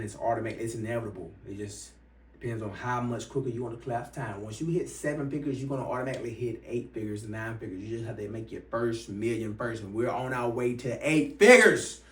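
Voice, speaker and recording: A man giving a motivational money-mindset talk as an online business coach, swearing freely and punching key points louder. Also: mid-range voice, brisk. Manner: profane, emphatic, bursts louder on key points. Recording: roomy, from some distance.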